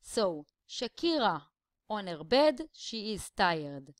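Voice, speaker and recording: A woman's voice: mid-range voice, big pitch swings, no room sound, clean studio sound. Woman teaching English grammar. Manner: explains slowly, stretching syllables to show stress. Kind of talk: grammar lesson voice-over.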